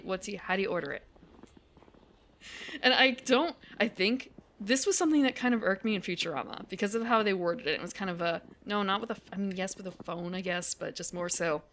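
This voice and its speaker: A woman talks casually as she walks outdoors, rambling and correcting herself with frequent laughs. Her voice sits in a middle pitch. Faint background noise runs under the portable mic. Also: fairly bright tone. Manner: rambling, chatty, self-correcting, laughs often. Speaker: streamer. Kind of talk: casual chat while walking. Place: outdoors on a winter walk.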